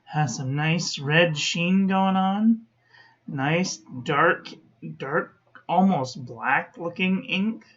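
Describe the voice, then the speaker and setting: Slow-talking woman reviewing ink. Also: on the low side, dull audio. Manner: chatty, self-correcting, talks to viewers. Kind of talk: unhurried product review.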